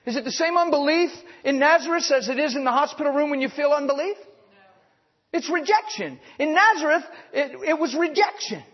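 A man preaching a sermon in a folksy, fast-talking way, chuckling and acting out the voices in the stories. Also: very high voice. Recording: muffled, echoing hall.

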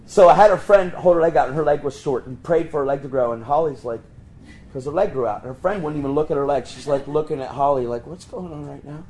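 A man preaching, telling a story and acting out the voices of the people in it with sudden high jumps in pitch. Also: fast talker, darkish tone, a little hiss or hum, rough recording. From Pennsylvania. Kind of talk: storytelling sermon.

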